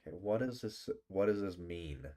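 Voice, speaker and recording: A male streamer with a deep, dark, expressive voice chats casually with his live audience at a moderate pace. He teases and banters, swearing now and then, speaking close to a desk microphone.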